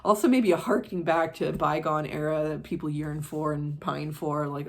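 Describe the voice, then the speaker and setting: A woman's voice: low-pitched, fairly even intonation, moderate pace, few pauses. An American woman chatting casually in her art vlog, rambling through side stories and swearing offhandedly. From United States. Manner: rambling, full of tangents and asides. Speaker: art vlogger. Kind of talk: casual chat.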